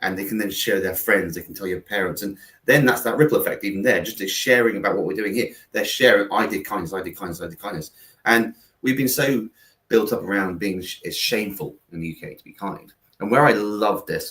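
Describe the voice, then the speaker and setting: A man's voice: sits low, fairly bright tone, roomy sound. A man, a guest telling stories in a rambling interview full of fillers and restarts over a video call. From England. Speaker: guest, founder of a kindness platform. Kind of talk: conversational interview, storytelling.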